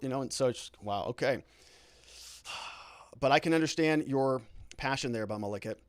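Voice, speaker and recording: A man's voice: medium pitch, normal speed, dry recording. A man hosting a live commentary show, reading viewer comments aloud and reacting with indignant, sarcastic asides. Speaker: lawyer and show host.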